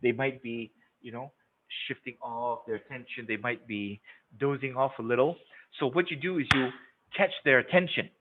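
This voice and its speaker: A man's voice: mid-range voice, moderate pace, heavy background noise. A man leading a live sales-training webinar, emphatic and repetitive, checking in with the audience as he goes. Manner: emphatic, repeats words, checks in with "okay?" and "right?". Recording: narrow phone-like webinar audio.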